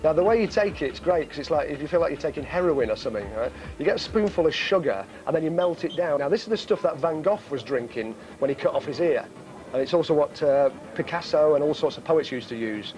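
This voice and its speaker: A man's voice: a little high, lively intonation, fast, darkish tone, muffled recording, faint music behind. A man hosting a comedy magic show, talking to camera and to passers-by in cheeky, chatty, joking street patter outdoors.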